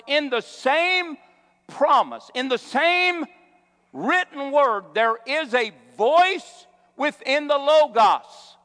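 A man preaching a sermon as a pastor, building to shouted peaks. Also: very high voice, long reverb tail. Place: church.

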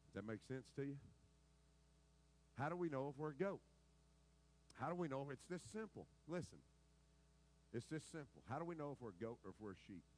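A middle-aged man preaching a sermon, telling stories dramatically and swinging between loud outbursts and quiet, low stretches. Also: lively intonation, a little fast, pauses often, slight background noise, poor audio. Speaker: pastor.

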